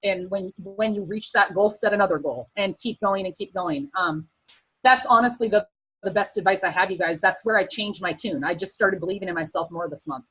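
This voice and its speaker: A woman's voice: mid-range voice, fairly quick, a bit bright, slightly rough, rough recording. A woman speaking casually and earnestly on a team video call, giving encouraging advice with many fillers and at times close to tears.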